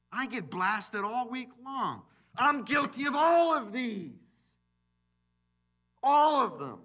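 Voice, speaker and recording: A man preaching a sermon as pastor in a church, animated, swinging between loud emphasis and quiet asides. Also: extremely high pitch. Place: church sanctuary.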